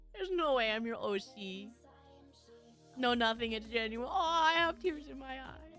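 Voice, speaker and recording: A woman's voice: high-pitched, animated, unhurried, fairly bright tone. A woman streamer chatting casually with her viewers, giggling and laughing often. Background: faint background music.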